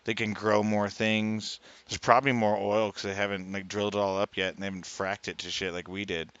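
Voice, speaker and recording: Low-voiced man chatting profanely. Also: little pitch movement, a little fast, a bit bright, clear, resonant tone, highs cut off. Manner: rambling, profane, jokey. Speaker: streamer, co-host. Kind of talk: casual chat.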